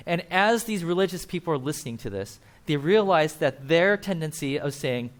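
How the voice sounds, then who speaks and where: A man's voice: a little high, lively intonation, normal speed. A man preaching a casual, conversational sermon at a church, explaining with asides and acting out quotes. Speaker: pastor.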